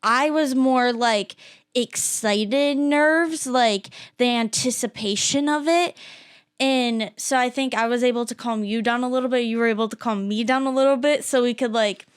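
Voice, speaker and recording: Bubbly woman cohost, smooth clear voice, says like constantly, dry mic. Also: fairly high pitch, normal speed, no echo. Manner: bubbly, lots of 'like' fillers. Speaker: podcast co-host. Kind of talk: casual chat.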